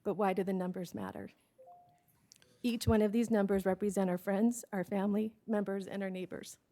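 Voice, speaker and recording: A woman's voice: mid-range voice, moderate pace. A woman with an American accent presenting a prepared report on victim services to a county meeting, speaking earnestly and steadily. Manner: steady and earnest, becoming emotional and hesitant. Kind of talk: reading a prepared report, then answering questions.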